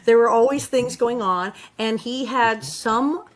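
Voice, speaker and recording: A woman's voice: fairly high pitch, unhurried. A woman co-hosting a podcast, chatting casually and acting out characters' lines as she recaps an episode. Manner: animated, acts out characters' lines in quoted voices. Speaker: podcast co-host.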